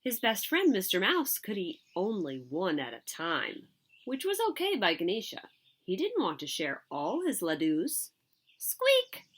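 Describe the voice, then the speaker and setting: A woman reading a picture book aloud to children in an expressive, animated way. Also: mid-range voice, normal speed. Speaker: story reader.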